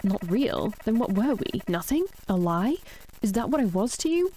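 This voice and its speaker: Resentful male ghost in a horror game, accusing and cold, put on by a woman, gravelly low tone. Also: sing-song, normal speed, mellow, a little hiss or hum, rough recording. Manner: accusing, bitter. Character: bitter male ghost of a dead husband.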